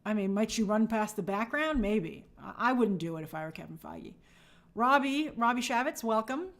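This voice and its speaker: A woman's voice: fairly high pitch, lively intonation, moderate pace. A woman hosting a livestream, chatting casually and reading viewer comments aloud in an upbeat way. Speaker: livestream host reading chat. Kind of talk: casual live chat.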